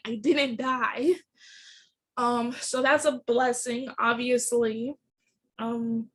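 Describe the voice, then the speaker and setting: A young adult woman hosting a podcast, telling her own story in an earnest, candid and emotional way. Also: a little high. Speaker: podcast host. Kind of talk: personal storytelling.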